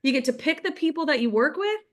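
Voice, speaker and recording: Talking fast in a high, animated voice, a woman leads a group video call as a network marketing trainer. She's chatty, leans on "like" and "right?", and performs sample scripts as quoted lines.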